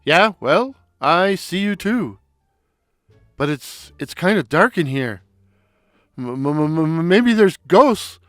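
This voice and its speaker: A man voicing a loud, goofy, stocky Brooklyn comic figure, childlike and bewildered, who bursts into squeaky falsetto and stammers. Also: animated, slow pace, dry recording, soft background music. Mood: nervous. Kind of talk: audio story reading.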